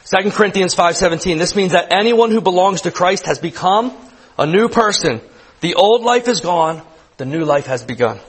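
Husky-voiced man in his thirties preaching. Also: high voice, expressive, normal speed, rough recording. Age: 30s. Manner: conversational preaching, repeats words, asks the room questions. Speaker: youth pastor. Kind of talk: sermon to students.

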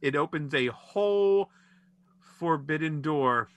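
A man's voice: a little high, expressive, slow, dry recording. A man co-hosting a casual podcast, musing aloud and piling up follow-up questions. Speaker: podcast co-host.

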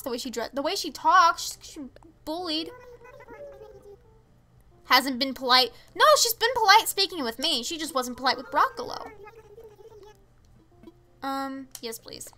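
Teen girl streamer, high bright voice, chatty, reads chat and reacts to game characters. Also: animated, a little slow, long pauses, faint music behind. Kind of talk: casual live-stream chat while gaming.

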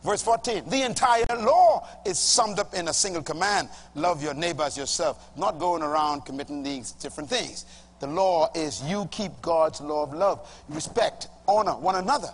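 A man's voice: a little high, normal speed, a little hiss or hum. A middle-aged male pastor preaching a sermon emphatically, stretching key words and calling on the congregation to respond. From Bahamas. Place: church hall before a congregation.

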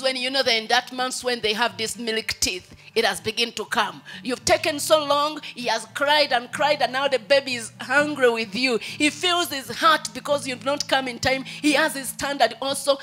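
A woman's voice: high voice, sharp tone. A woman pastor with a Ugandan English accent preaching a sermon. She acts out a baby's pleas in quoted lines.

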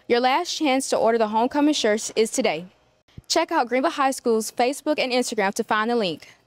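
A student reporter reading event dates and details for a school news show. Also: female voice, fairly high pitch, brisk, no room sound. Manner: reads dates and details clearly. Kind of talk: scripted announcement.

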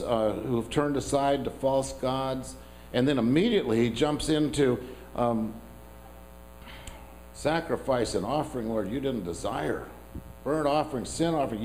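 A man's voice: mid-range voice, darkish tone, a little hiss or hum, poor audio. A man preaching a sermon as pastor, talking in a conversational, self-deprecating way with asides to the congregation.

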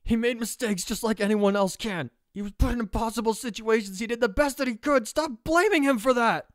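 A man's voice: on the low side, a little fast, darkish tone, no room sound, studio quality, natural voice. A man voicing a distraught teenage girl hero student who is tired and short of breath from jogging. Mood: anguished shouting.

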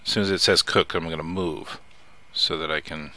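A let's-play host with a bass voice chats casually while playing a survival game, muttering to himself and swearing when something startles him. His intonation is fairly even, his pace moderate, and his tone sharp.

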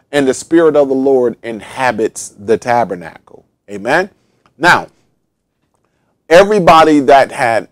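A man's voice: mid-range voice, darkish tone, no room sound. A man who is a pastor, teaching a Bible study in an emphatic preaching manner, repeating phrases for stress. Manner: repetitive, emphatic preaching with fillers.

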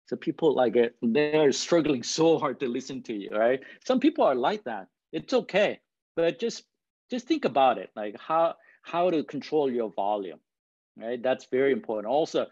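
A man's voice: mid-range voice, expressive, normal speed, a little mellow, no echo, dull audio. A man for whom English is a second language gives a presentation as a guest speaker. He talks in a conversational way, often checks in with "right?", and chuckles at himself now and then. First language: not English. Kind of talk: presentation to an audience.

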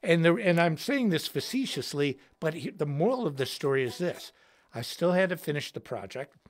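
A man hosting a livestream and telling a story in an excitable, slangy way, shouting words for emphasis. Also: on the high side, moderate pace. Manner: slangy, says dude and bro. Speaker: host and guitarist.

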